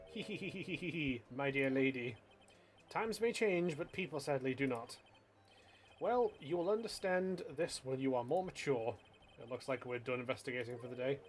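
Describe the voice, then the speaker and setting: A man's voice: mid-range voice, moderate pace, faint music behind, natural voice. A man voicing a theatrical, pompous detective in a video game, with a giggly, grandiose delivery. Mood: smug.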